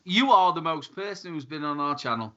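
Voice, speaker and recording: A man's voice: a little high, expressive, moderate pace, sharp tone. A man, a guest on a livestream, chatting in a chummy, rambling way. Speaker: guest streamer. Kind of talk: casual chat. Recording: dull lo-fi stream audio.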